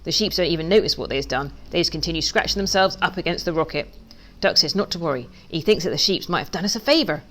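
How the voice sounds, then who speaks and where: Lady author reading her kids' book out loud, playful, slightly low voice. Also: fast talker. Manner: lively, playful read-aloud. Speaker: children's author. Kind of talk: storybook reading aloud.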